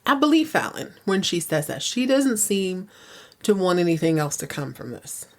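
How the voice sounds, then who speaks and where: A woman's voice: on the low side, very animated, moderate pace. A woman hosting a podcast, recapping episodes in casual, sassy chat with many asides. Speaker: podcast host.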